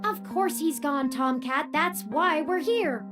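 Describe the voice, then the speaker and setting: A woman reads as an earnest little robot boy from a visual novel, soft and high-pitched. The lines come slowly and a bit distant, with loud music playing underneath. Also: animated. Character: earnest young male robot, polite and searching.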